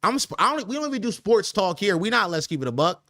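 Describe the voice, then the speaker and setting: A man's voice: sits high, very animated, fast, bright, forceful tone, dry recording, studio quality. A young man hosting a livestream podcast, talking loosely in slang and reacting to chat with laughs.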